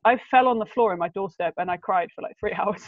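An expressive young woman, swinging her pitch as she tells stories in casual conversation. Her voice sits mid-range. The recording is dry and a little dull. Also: quick pace, no echo. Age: young adult. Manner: animated, emotional storyteller with big pitch jumps. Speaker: guest, documentary filmmaker. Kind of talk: conversational podcast storytelling. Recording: dull lo-fi sound.

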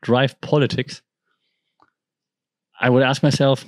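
Speaking at a moderate pace in a mid-range voice, a German-native podcast host rambles through casual news commentary and often starts his sentences over. There is no room sound.

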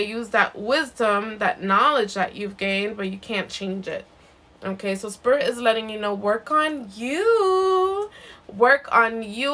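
A woman giving a live zodiac card reading in a gentle, reassuring way, repeating herself and often checking in with "okay?". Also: mid-range voice. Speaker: intuitive card reader.

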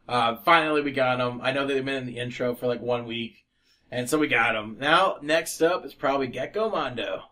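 A man's voice: mid-range voice, bright, forceful tone. Rambling podcast guy, lots of fillers. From United States. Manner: rambling, many fillers, laughs often. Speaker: podcast co-host. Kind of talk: casual chat.

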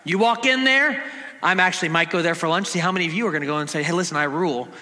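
A man's voice: high voice, racing, sharp tone. A man in his forties preaching a sermon in a playful way, bursting into bits of jingles for the congregation. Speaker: pastor. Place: church sanctuary. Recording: long church hall reverb.

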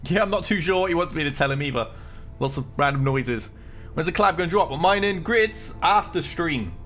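A man with a higher, expressive, somewhat bright voice narrates his live game stream at a fairly quick clip, soft music playing underneath. Caffeinated and jittery, he cracks jokes and voices the game dialogue aloud.

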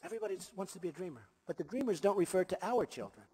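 A man's voice: high voice, lively intonation, rapid-fire, warm tone, breathy edge. A man giving an emphatic campaign rally speech as a political candidate, repeating his points and adding boastful asides. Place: large rally venue before a crowd. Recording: long reverb of a big hall.

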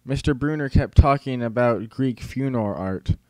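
A man's voice: medium pitch, normal speed, darkish tone, dry recording. Brief: male audiobook narrator, wry first-person teller, dry close sound.

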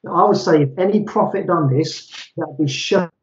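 A man's voice: on the high side, brisk. A man debating, methodically citing scripture verse by verse to make his case. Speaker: Christian debater. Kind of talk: street debate argument. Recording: echoey, dull lo-fi sound.

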